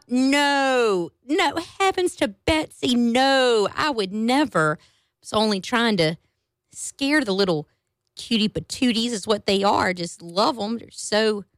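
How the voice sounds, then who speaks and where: A woman's voice: very animated, takes it slowly, a bit bright, dry recording, clean studio sound, exaggerated voice. A woman doing a sugary fake-innocent man. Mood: mock-innocent. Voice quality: high mock-sugary protesting voice. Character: falsely sweet innocent-acting grown man.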